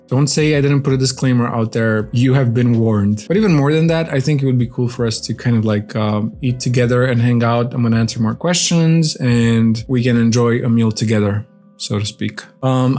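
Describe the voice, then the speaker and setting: A man's voice: medium pitch, darkish tone. A man hosting a casual vlog, chatting loosely while eating on camera, with lots of fillers and restarts. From grew up outside the USA. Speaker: vlog host.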